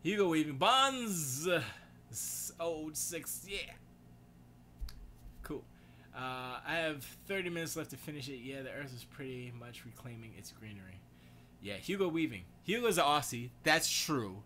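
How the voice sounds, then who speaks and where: Man, casual stream chat, bright forceful voice, faint room hum. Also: mid-range voice, expressive, normal speed. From United States. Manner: rambling, reads chat aloud, self-correcting. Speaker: livestream host.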